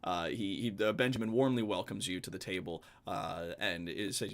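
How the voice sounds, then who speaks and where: A man's voice: deep voice, moderate pace, hardly any pauses, fairly bright tone. A man narrating a tabletop game as game master, casual and loose, with many fillers and some swearing.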